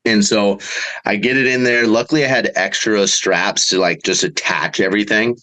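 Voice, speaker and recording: Animated man telling a hunting story. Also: moderate pace, low-quality recording. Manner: animated, acts out quotes with jumps in pitch. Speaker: bowhunter guest. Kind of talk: casual storytelling.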